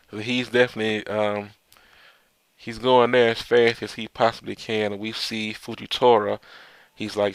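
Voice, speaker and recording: A man's voice: on the low side, flat delivery, moderate pace, gravelly, clear, resonant tone, no room sound. A man casually reading manga dialogue aloud and commenting, often repeating words as he goes. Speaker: manga reader and reviewer. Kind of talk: casual read-through and commentary.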